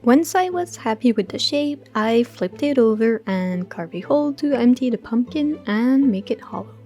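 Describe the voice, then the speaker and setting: A woman narrating a craft tutorial in a relaxed voice-over, with dry, understated humor. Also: fairly high pitch. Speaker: crafting channel host.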